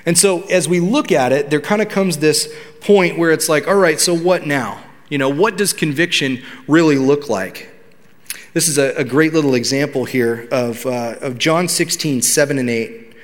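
A man's voice: on the high side, normal speed. Conversational male preacher in a reverberant hall. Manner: conversational, asks the congregation questions. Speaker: pastor. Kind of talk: sermon. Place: church hall.

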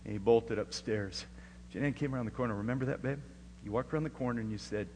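A middle-aged man preaching, his voice ringing with the long reverb of a hall. He tells a story, dropping to a hushed tone at times and then rising loud and emphatic. A faint hum sits under the recording. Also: medium pitch, fast talker. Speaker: pastor. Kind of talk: sermon.

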